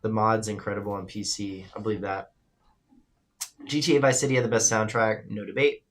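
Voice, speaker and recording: With a steady, lowish voice and a fairly quick delivery, the livestream radio host talks casually through viewer comments. His takes are loose and opinionated, and he swears freely.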